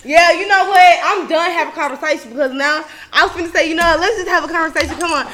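A young woman hosting a podcast, venting in casual chat, animated and profane, swinging from loud outbursts to low muttering. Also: fast, background noise. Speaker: podcast host.

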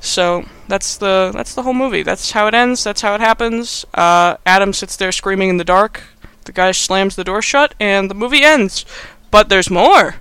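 A man hosting a podcast, casually recapping a film in a rambling, animated way with many fillers. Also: high voice, normal speed, clean tone, no room sound. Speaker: podcast host.

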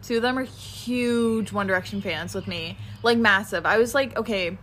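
A woman's voice: medium pitch, moderate pace, a bit bright, a little hiss or hum. A young woman co-hosting a podcast outdoors, telling stories in a rambling, chatty way full of fillers. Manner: rambling, filler-heavy storytelling. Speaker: podcast co-host. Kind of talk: casual chat. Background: birds chirping.

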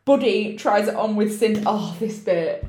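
A woman's voice: mid-range voice, moderate pace. A woman chatting casually, retelling a film scene by scene and laughing as she acts out characters' lines. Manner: animated, laughing often, acting out characters' lines. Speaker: podcast co-host recapping a film. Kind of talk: casual chat. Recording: roomy echo.

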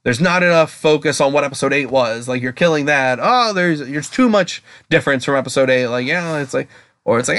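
A man's voice: medium pitch, expressive, brisk, fairly bright tone. A young man co-hosting a podcast, talking in a casual, profane, rambling way. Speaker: podcast co-host.

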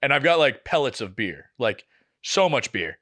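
A man's voice: medium pitch, moderate pace. Exasperated young man telling a rant story. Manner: animated, exasperated, swears freely, acts out quotes. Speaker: podcast co-host. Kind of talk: casual storytelling chat.

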